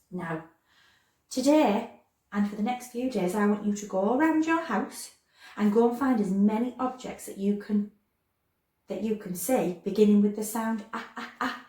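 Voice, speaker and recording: Sing-song teacher in an echoey room. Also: female voice, a little high, far from the mic. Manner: slow, exaggerated sounding-out of words; animated, sing-song questions to children. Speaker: primary school teacher. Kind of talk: children's phonics lesson.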